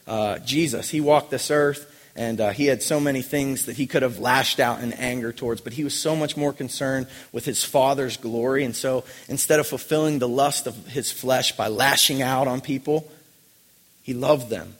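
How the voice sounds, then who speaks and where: A man's voice: mid-range voice, normal speed. Man preaching in a reverberant hall. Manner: earnest preaching with rhetorical questions. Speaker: pastor. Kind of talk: sermon.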